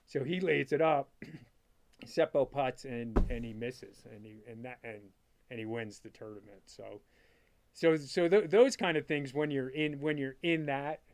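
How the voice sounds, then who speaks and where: A middle-aged man, a father, telling a story as a guest in a casual interview, animated and full of "like" fillers, acting out what he said. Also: mid-range voice. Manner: animated, quick storyteller, full of "like" fillers, acts out his own past lines. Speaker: guest, father of a disc golf player.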